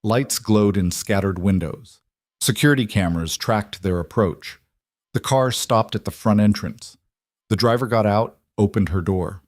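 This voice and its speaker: A man reading a dramatic romance-thriller story in a measured, even narration. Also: on the low side, no echo, clean studio sound.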